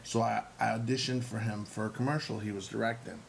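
A man's voice: fairly low pitch, fairly even intonation, fast, gravelly, slight background noise, poor audio. A man, an actor and comedian, telling a long story in casual chat, acting out the quotes and swearing freely.

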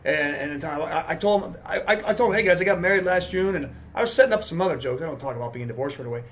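Man, comedian, animated storyteller, high voice, rapid talk. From United States. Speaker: stand-up comedian guest. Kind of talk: casual podcast chat.

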